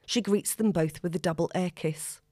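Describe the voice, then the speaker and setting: A woman narrating a story in a steady, expressive reading. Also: fairly low pitch, normal speed, no echo, clean studio sound. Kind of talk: audiobook narration.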